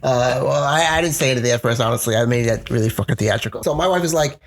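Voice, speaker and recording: A man's voice: medium pitch, quick pace. A young man on a podcast telling a long story in casual chat, cursing freely and acting out other people's lines. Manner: profane, rambling, animated retelling with voiced quotes. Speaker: podcast co-host.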